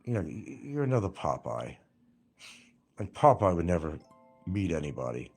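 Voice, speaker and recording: A man's voice: deep voice, very animated, moderate pace, vocal fry, slightly rough, faint music behind. A man hosting a livestream, reading chat comments aloud and mocking people in a rambling, crude way. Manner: crude, mocking, laughs at his own jokes.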